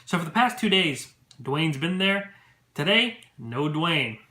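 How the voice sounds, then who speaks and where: Excitable chatty man in an echoey room. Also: fairly high pitch, measured pace. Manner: chatty and excitable, many fillers. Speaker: movie vlogger. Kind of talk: casual event recap to camera.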